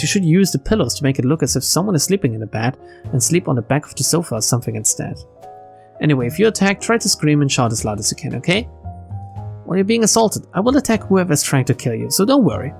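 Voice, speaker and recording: A woman's voice: low voice, very animated, quick pace, creaky, darkish tone, soft background music, full character voice. A woman voicing an aloof young male detective who talks in a dry, dismissive way. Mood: explaining.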